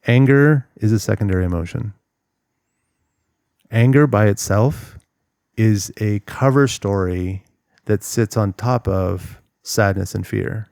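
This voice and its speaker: A man's voice: on the low side, vocal fry, a little mellow, no echo, clean studio sound. A man giving relationship advice as a coach, talking straight to the viewer and acting out what a person might say to themselves. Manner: earnest, steps through advice, acts out inner monologue. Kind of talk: direct-to-camera advice talk.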